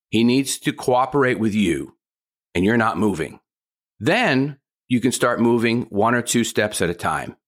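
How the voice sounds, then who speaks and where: A man's voice: mid-range voice, a bit bright. A man giving a dog training lesson, firm and plain-spoken, who repeats his key points. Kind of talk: instructional talk.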